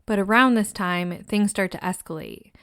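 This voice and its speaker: A woman hosting a true crime podcast, narrating a case in a measured, somber way. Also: mid-range voice, a bit bright, clear, resonant tone, dry recording, clean studio sound.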